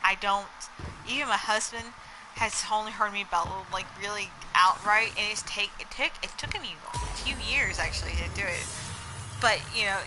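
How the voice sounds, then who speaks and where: A woman's voice: medium pitch, background noise. A young woman vlogger chatting casually to camera, rambling with lots of fillers and breaking into bits of song. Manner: rambling, lots of "like" and "you know"; breaks into snatches of song while telling stories.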